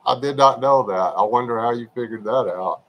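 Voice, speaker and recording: A relaxed man talks easily and casually at an everyday middle pitch. He hosts a live stream, joking with his viewers and calling them by name. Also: poor audio. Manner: laid-back, joking, chatting to viewers by name. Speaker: livestream host. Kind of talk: casual livestream chat with viewers.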